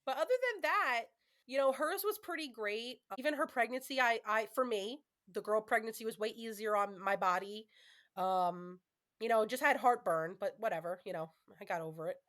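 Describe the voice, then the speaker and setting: A chatty woman in her thirties with a slightly high voice, hosting a podcast. She talks candidly and loosely, with plenty of "like" and "you know". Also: normal speed, fairly bright tone. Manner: chatty, candid, frequent fillers. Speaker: podcast host. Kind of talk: casual chat.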